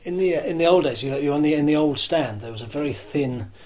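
An older man, a former broadcaster being interviewed, telling self-deprecating stories in a chatty, lively way. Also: on the high side, a little fast, rough recording. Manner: lively storyteller who acts out crowd shouts. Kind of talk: anecdotal interview storytelling.

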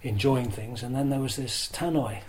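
Older man telling lively anecdotes. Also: mid-range voice, moderate pace, a little hiss or hum, poor audio. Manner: lively storyteller who acts out crowd shouts; self-deprecating and chatty, with restarts. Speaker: interview guest, former rugby broadcaster. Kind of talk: anecdotal interview storytelling.

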